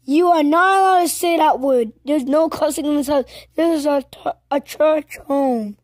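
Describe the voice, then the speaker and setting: A woman's voice: high-pitched, moderate pace, no room sound, close to an everyday voice. A woman voicing a strict churchgoing father in a homemade comedy skit, stern and scolding, repeating his orders.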